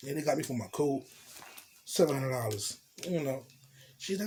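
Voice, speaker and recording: A man telling a storytime tale in profane street slang, animated and blunt. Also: mid-range voice, brisk, a little hiss or hum. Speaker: storytelling vlogger. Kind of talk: casual storytime monologue.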